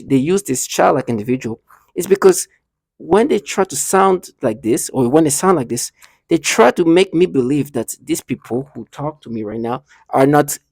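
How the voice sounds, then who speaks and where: A man talking to camera in a rambling, halting monologue, restarting and repeating himself often. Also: mid-range voice, creaky, darkish tone, no room sound, studio quality. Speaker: vlogger.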